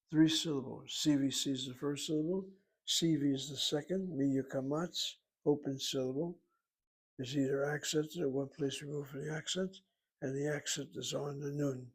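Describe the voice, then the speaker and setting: Husky man teaching slowly. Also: a little high, rough recording. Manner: slow, deliberate, spells words out letter by letter. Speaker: Hebrew teacher. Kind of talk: lecture.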